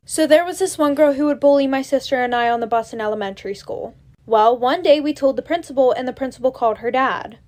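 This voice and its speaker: A young woman telling casual storytime tales to her followers, blunt and chatty, swearing freely. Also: sits high. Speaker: storytime creator. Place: in bed at night.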